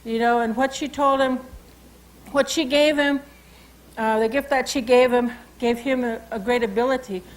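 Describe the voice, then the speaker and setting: High-voiced woman telling a story. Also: steady tone, low-quality recording. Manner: unhurried, conversational, with frequent asides. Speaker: tribal cultural educator. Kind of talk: oral storytelling and language lesson.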